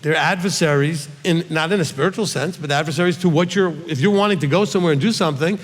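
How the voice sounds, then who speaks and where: Middle-aged male teacher, emphatic Q&A delivery, slightly high voice, long hall reverb. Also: fast talker. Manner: emphatic, with frequent "okay?" check-ins. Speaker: rabbi teacher.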